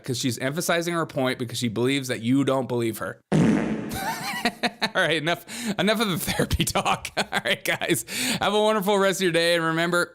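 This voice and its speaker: A man's voice: on the high side, wildly swooping pitch, normal speed, a bit bright. Chatty podcast host man, often laughing. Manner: chatty, laughs between points, mocking. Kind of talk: opinionated casual commentary.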